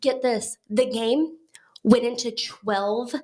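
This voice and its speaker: A talkative woman with a fairly high voice is telling a story on a podcast. She sounds animated and chatty, and she acts out the other people's lines as she goes. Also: slow pace. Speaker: podcast guest. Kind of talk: casual storytelling chat.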